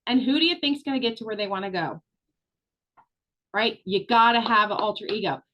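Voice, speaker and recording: A woman's voice: mid-range voice, fairly quick, pushed and bright, low-quality recording. A middle-aged woman coaching a group on a video call, chatty, encouraging and frank, with the odd swear word. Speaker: business coach. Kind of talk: live online training talk.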